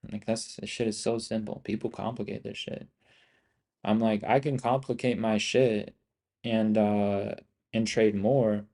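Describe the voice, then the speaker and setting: A young man talks casually over a trading live stream, looping back over the same boasts and swearing freely. His voice sits on the low side with a dark, mellow tone. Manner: rambling, profane, boastful and repetitive. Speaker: live-streaming options trader.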